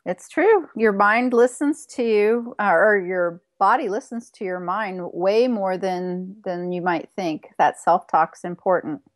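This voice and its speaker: A woman guest on a spiritual interview show, a healer speaking in a measured, agreeable way with frequent affirmations. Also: mid-range voice, no room sound. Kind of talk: interview conversation.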